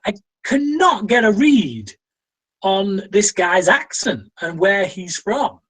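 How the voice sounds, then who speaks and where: A British man hosts a casual film review chat and speaks slowly and deliberately. He is opinionated and often stops on ums and restarts his sentences. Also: sits high, sing-song, fairly bright tone, husky, low-quality recording. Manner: opinionated, frequent fillers and restarts.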